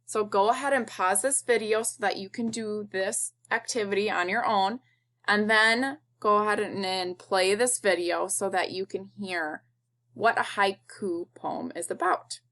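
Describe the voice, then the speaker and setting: A woman teacher talks through a recorded video lesson for young children. Her voice sits in a middle pitch, and she takes her time, slowly and patiently spelling things out in a kid-friendly way. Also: a bit bright.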